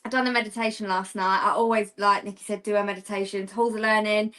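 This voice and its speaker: A woman's voice: mid-range voice, little pitch movement, fast, fairly bright tone. A young woman chatting as a guest, telling a story in a rambling way with fillers and giggles. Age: young adult. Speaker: guest, practicing witch. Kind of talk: casual chat.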